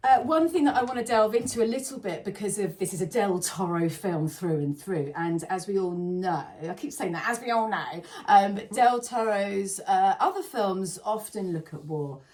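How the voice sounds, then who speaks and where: A woman's voice: medium pitch, expressive, moderate pace, few pauses, a little mellow. A woman co-hosting a podcast, chatting casually about a film in a thoughtful, hedging way as she searches for her words. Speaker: podcast co-host.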